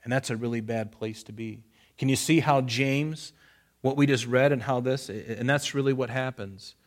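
Man, pastor, conversational sermon, folksy, repeats phrases, mid pitch. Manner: folksy, repeats phrases for emphasis, directs listeners to underline verses. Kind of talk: conversational Bible-study sermon.

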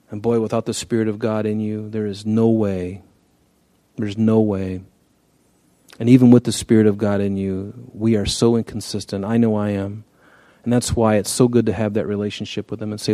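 A man preaching in a mellow, relaxed voice, conversational and earnest, reading scripture and often stopping to restart a phrase. The sound is dry and close. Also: on the low side, moderate pace, pauses often, dry recording. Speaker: pastor.

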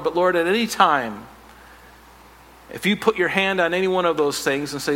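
A male pastor preaching a sermon, animated, with playful asides and self-mocking humor. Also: a little high, measured pace, pauses often, big-room sound.

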